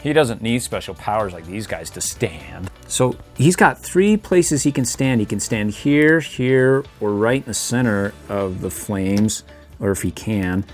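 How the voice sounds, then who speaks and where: Playful middle-aged man with lively delivery. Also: lowish voice, a little slow, soft background music. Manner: playful, chuckling, makes sound effects while posing toys. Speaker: toy reviewer host. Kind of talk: casual toy review commentary.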